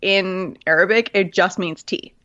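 A woman's voice: mid-range voice, measured pace, a bit bright, dull audio. A woman from Manitoba with a Canadian accent, a coach guesting on a podcast, bubbly, laughing often and digressing. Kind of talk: casual conversational interview.

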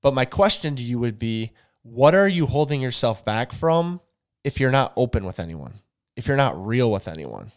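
An earnest man with a drawl talks on a podcast. He speaks at a middle pitch and leans on repeated words for emphasis. His tone is casual but insistent. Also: big pitch swings, moderate pace. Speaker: podcast co-host.

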